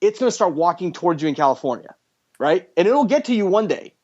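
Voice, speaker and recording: Lively man retelling a movie, dull sound. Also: high-pitched, fast. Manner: animated storyteller acting out quoted lines. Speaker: podcast host. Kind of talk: casual chat, retelling a movie plot. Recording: dull lo-fi podcast audio.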